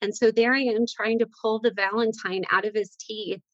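A woman's voice: a little high, steady tone, moderate pace, fairly bright tone, no room sound, dull audio. A middle-aged woman telling a heartfelt faith story as a guest, breaking into laughter. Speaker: guest author. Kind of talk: emotional faith conversation.

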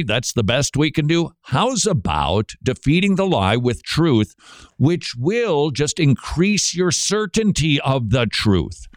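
A man's voice: medium pitch, dry recording, clean studio sound. A man hosting a christian radio talk show, preaching emphatically and asking rhetorical questions he answers himself. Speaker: radio host.

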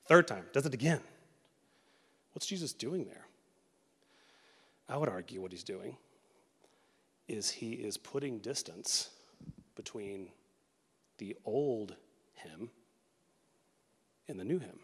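Casual animated male pastor in reverberant hall. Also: lowish voice, husky. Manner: casual, animated preaching with quick acted quotes. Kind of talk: sermon. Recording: long reverb of a large hall.

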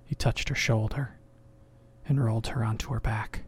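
A man narrating a horror story in a measured voice that sinks into whispers. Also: on the low side, fairly even intonation, slightly rough. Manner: slow, measured, dropping to whispers.

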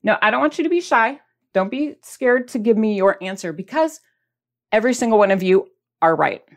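A woman's voice: fairly high pitch, expressive, brisk. A woman hosting a diet podcast, chatting casually to viewers, asking them questions and holding up products as she talks, with playful mimicry of their reactions. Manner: chatty, asks the audience questions; holds up products while talking. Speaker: podcast host.

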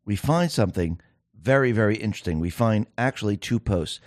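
A man's voice: on the low side, animated, fairly quick, darkish tone, no echo, clean studio sound. A man hosting a political commentary monologue, talking emphatically and firing off rhetorical questions. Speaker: show host.

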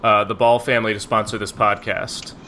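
A man's voice: lowish voice, flat delivery, brisk, sharp tone, a little hiss or hum. A man co-hosting a podcast, chatting casually in a rambling, jokey way and often breaking off mid-thought. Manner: rambling, self-interrupting, jokey. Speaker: podcast co-host. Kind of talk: casual chat.

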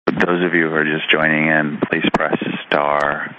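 A man slowly and gently guiding a group through breathing and body-awareness exercises over a conference call line. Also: rumbling low, level tone. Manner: soft, slow, gentle guidance with long pauses. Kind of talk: slow guided relaxation instruction. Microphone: phone or conference call line. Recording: dull lo-fi conference call line with faint hiss.

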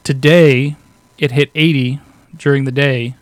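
A man's voice: mid-range voice, fairly even intonation, a little slow, no echo. A man chatting casually as a podcast guest, rambling and self-mocking with a stuffy nose. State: stuffy-nosed. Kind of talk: casual chat.

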